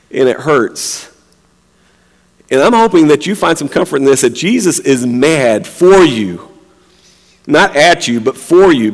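A man's voice: sits high, big-room sound. A man preaching a conversational sermon, often repeating and restarting his words and acting out the lines he quotes. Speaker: pastor.

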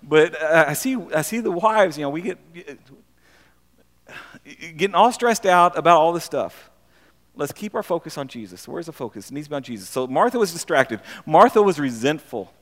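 A man with a high voice preaches a conversational sermon, animated and prone to restating his words for weight. His voice rings with a long hall reverb. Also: normal speed. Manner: animated, repeats phrases when emphasizing. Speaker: pastor.

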